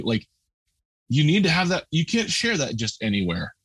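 A man's voice: on the high side, very animated, moderate pace, fairly bright tone, slightly rough, no room sound. A man hosting a podcast, talking earnestly and conversationally, with many fillers. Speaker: podcast host. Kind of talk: casual conversation.

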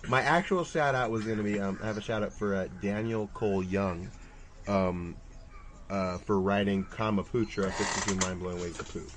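A man's voice: on the low side, normal speed. A young man co-hosting a podcast in casual chat, rambling with fillers and trailing off. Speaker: podcast co-host. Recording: loud background noise.

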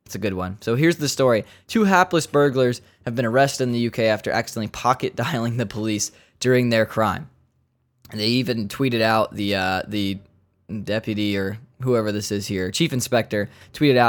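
A man with a medium-pitched voice and moderate pace hosts a casual solo podcast. He rambles and jokes, swears now and then, and laughs at his own asides.

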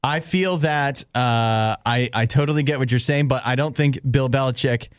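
A man's voice: mid-range voice, normal speed, smooth, no room sound, clean studio sound. A man co-hosting a radio show, chatting casually and giving joking, opinionated takes. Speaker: radio co-host. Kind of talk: casual chat.

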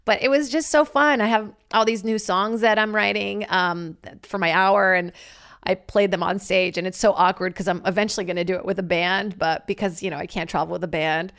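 Brief: woman in her thirties, stand-up comic hosting a podcast, brash and animated storyteller. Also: medium pitch, a little fast. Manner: brash, animated, acts out voices in quotes. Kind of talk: casual storytelling monologue.

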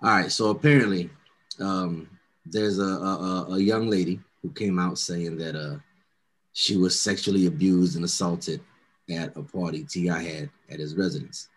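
A young man hosting a casual chat, telling a profane story and loudly acting out what everyone said. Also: sits low, normal speed, husky. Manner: profane, animated storyteller, acts out quotes loudly.

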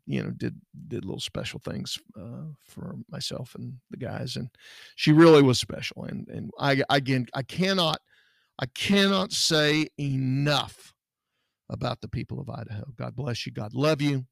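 A middle-aged man hosts a podcast with a gravelly, creaky voice. He talks in a folksy, earnest way and often restarts his sentences. The sound is close and dry. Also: medium pitch, moderate pace, no room sound. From Texas. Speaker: podcast host, private investigator. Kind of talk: casual podcast talk.

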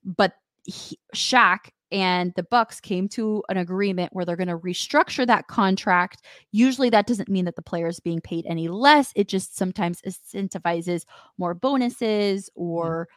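A woman's voice: medium pitch, unhurried, no room sound, studio quality. A woman co-hosting a sports podcast, chatting casually and thinking aloud. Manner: conversational, thinks aloud with fillers. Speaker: podcast co-host.

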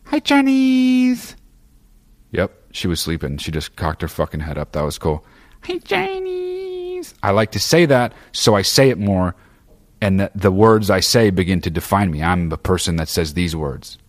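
A man with a notably low, deep voice delivers a loose, profane monologue straight to his listeners. He rambles and restarts his sentences, swearing freely as he pushes his opinions. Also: a little fast. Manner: frequent fillers and restarts. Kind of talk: casual monologue.

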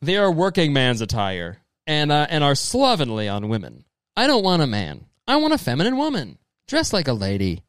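A young man riffs through messages in loose, profane commentary, calling everyone "dude" and slipping into mocking voices. His pitch swings widely from line to line. The sound is dry and close, with no room around it. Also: wildly swooping pitch, moderate pace, clear, resonant tone, no room sound. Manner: profane, rambling, says "dude" constantly; mocking, slips into exaggerated quoted voices. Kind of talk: casual comedic commentary reading messages aloud.

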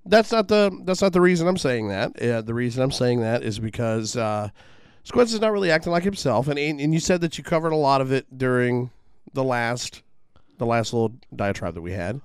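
Laid-back, swearing podcast host. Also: male voice, medium pitch, big pitch swings, a little fast, smooth, dry recording, studio quality. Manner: laid-back, swears casually, laughs often. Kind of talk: casual chat.

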